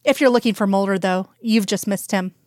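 A woman voicing a weary, reluctant female agent in a story reading, flat and tired. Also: mid-range voice, brisk, dry recording, clean studio sound, natural voice.

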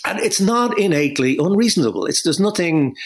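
A man's voice: on the high side, lively intonation, fairly quick. A middle-aged man talks as an interview guest, building a long analytical argument. He restarts phrases often and leans on conversational asides. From Ireland. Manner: discursive, frequent restarts and "you know", wry laughs.

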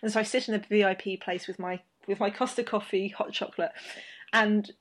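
A woman's voice: medium pitch, a little fast. Chatty woman hosting an interview. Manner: chatty, rambling, animated storyteller with many restarts. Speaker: podcast host. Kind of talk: casual interview chat.

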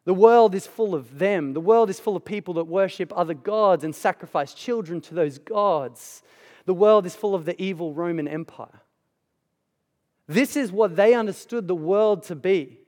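A man's voice: sits high, normal speed, a little mellow. A man delivering a conversational sermon as a pastor, emphatic and chatty, with asides to the congregation. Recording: hall reverb.

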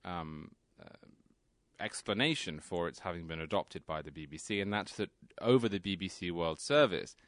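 A man with an English received pronunciation accent, co-hosting a radio talk show and explaining things in a measured, articulate way. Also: low-pitched, fairly bright tone, no room sound. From England. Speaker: guest co-host.

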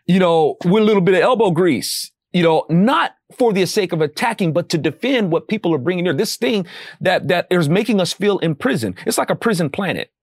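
A man speaking about faith with a lively, swinging pitch and a slightly high voice. His delivery is casual and preacher-like, dropping into slang. The sound is close and dry. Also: a little fast, no echo.

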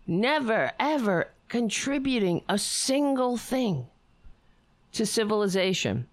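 Woman host, casual reaction commentary, sarcastic, swears a lot, unhurried. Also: fairly high pitch, sing-song, no room sound. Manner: sarcastic, profane ranting. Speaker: streamer reacting to video.

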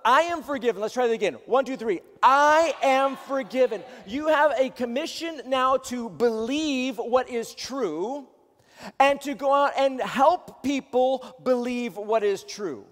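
Pastor, male, high voice, earnest and exhorting, recorded in a church hall with a long reverb tail. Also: a little slow. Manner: earnest, rising to loud exhortation with frequent restarts. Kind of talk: sermon to a live-streamed congregation.

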